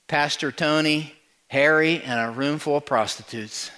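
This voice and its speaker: A man preaching, telling a story, swinging from loud to hushed. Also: on the high side, measured pace, smooth. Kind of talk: sermon storytelling.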